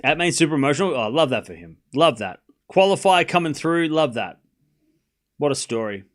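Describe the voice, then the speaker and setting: A man's voice: on the high side, sing-song, brisk. A man hosting a live tennis watchalong stream, commentating on points and playfully scolding and pleading with his chat.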